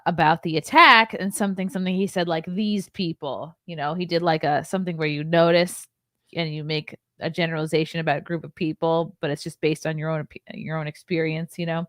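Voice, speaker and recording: A woman's voice: low-pitched, a bit bright, no room sound, studio quality. Blunt, mocking woman podcast host. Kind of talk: casual chat reacting to a video.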